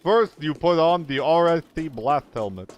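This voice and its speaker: A man's voice: on the high side, animated, normal speed, highs cut off, slight background noise, pitched above the performer's own voice, natural voice. A man putting on an exaggerated, overbearing game tutor voice, explaining things in a mock-solemn teaching manner. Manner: exaggerated, loud instructional delivery.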